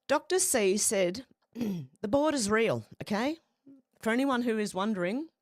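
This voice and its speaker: A woman chats on her live stream, greeting viewers by name and growing emotional as she speaks. Her voice rises and falls a great deal. The sound is dry and close, with no room echo. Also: medium pitch. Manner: emotional, breaks into soft singing. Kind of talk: casual live stream chat.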